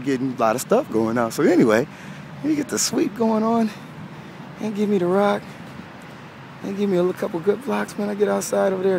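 A middle-aged man telling stories in a casual vlog while walking his old high school track, animated and slangy, laughing often. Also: vocal fry. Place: outdoors at a school track and field. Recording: faint outdoor background noise.

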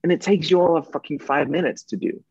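A man speaking as a podcast guest in casual conversation, emphatic and often profane, shifting between intense and gentle. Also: a little high, quick pace, gravelly, dull audio, slight background noise.

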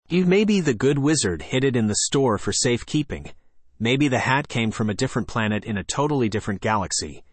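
A man narrating a children's chapter book in the first person, reading in a lively, conversational way. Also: mid-range voice, no room sound. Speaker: audiobook narrator.

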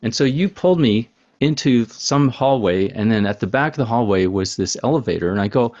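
A man's voice: medium pitch, animated, brisk, a little mellow, lo-fi sound. A man hosting a podcast, telling a story in an easygoing way with fillers. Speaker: podcast host. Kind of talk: casual interview chat.

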